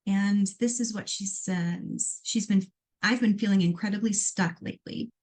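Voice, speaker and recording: A middle-aged woman from Iowa hosts a live call-in show, reading out listeners' questions and answering them as a psychic medium. Her voice sits in an ordinary middle pitch. She talks in a chatty, animated way and keeps breaking off into playful asides. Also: moderate pace.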